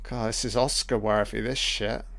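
A man's voice: fairly low pitch, normal speed, vocal fry. A man giving a mocking, profane running commentary on a film he is watching for the first time. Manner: mocking, profane, deadpan asides. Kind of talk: sarcastic solo film commentary.

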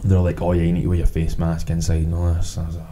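A man's voice: low voice, monotone, fast, warm tone, rough recording. A Scottish man co-hosting a podcast, telling rambling, swear-laden anecdotes in casual chat and acting out both sides of the conversations. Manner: sweary, rambling anecdotes with quoted back-and-forth. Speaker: podcast co-host.

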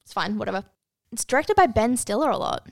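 A woman's voice: a little high, animated, fast talker, gravelly, no echo, studio quality. A woman co-hosting a podcast, chatting casually about films and TV in a rambling way with plenty of fillers. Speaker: podcast co-host.

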